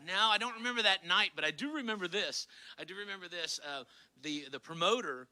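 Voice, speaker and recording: Bright, animated storytelling man. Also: high voice, brisk, rough recording. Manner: animated, swears freely, bursts into loud laughter. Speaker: comedian and co-host of an online concert series. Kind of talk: casual storytelling chat.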